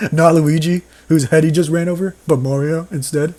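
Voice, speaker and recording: A man reads a horror story aloud while mocking it, peppering it with sarcastic remarks, outbursts, and bursts of laughter. His voice is a little high with a darkish tone.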